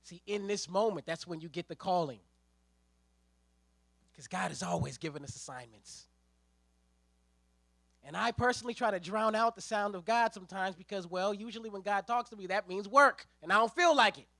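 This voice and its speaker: A man preaching a sermon as a ministerial intern, in a lively, conversational way with slang and storytelling. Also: high-pitched, moderate pace, vocal fry, long pauses, no echo.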